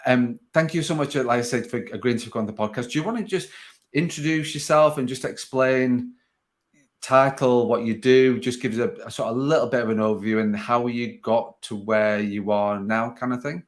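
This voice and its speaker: A man with a Sheffield accent hosting a relaxed podcast interview, rambling and restarting his sentences as he chats. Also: mid-range voice, normal speed. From Sheffield, England. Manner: rambling, self-interrupting, chatty. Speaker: podcast host.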